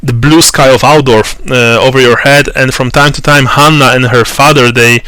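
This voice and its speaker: A man narrating a tabletop role-playing game as game master, slow and halting with many fillers and restarts. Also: mid-range voice, steady tone, pushed and bright, clear, resonant tone, no echo.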